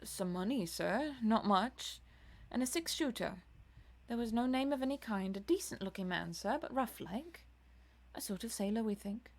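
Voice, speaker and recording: A woman voicing a deferential working-class male gamekeeper with a rough, vaguely rural put-on accent. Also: fairly high pitch, sing-song, a little fast, a little mellow, heavily acted.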